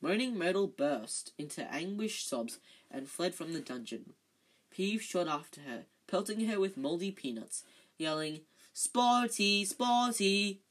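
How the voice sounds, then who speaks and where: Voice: mid-range voice, sing-song, a little slow, slightly rough. An amateur reader reading a novel aloud, often stumbling and correcting themselves with chatty asides.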